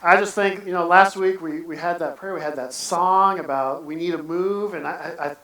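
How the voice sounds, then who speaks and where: A man preaches in a loose, earnest way and keeps stopping to restart his sentences. His voice sits a little high and is picked up from some distance, so it rings around a large church sanctuary. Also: pushed and bright, roomy sound. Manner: earnest, halting, many restarts. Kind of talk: casual church sermon.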